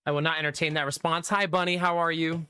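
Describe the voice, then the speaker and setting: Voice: medium pitch, little pitch movement, fast, bright, forceful tone, clean tone, no echo. A streamer chatting casually with viewers on a live stream, laughing often and thanking supporters.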